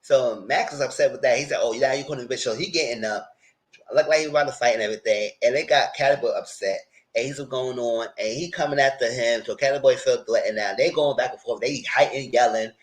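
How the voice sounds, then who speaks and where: A man's voice: mid-range voice, a little fast. A man hosting a reality TV recap, retelling scenes in a loose, rambling way with quoted asides. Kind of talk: casual recap commentary.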